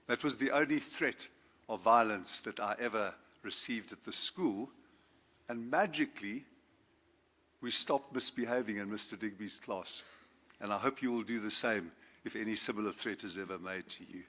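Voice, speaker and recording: A South African man in his seventies, a former judge, giving a formal speech to a school assembly. He speaks in a measured, formal way and lifts his voice on key words. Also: on the low side, pushed and bright. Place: school assembly, speaker standing before students.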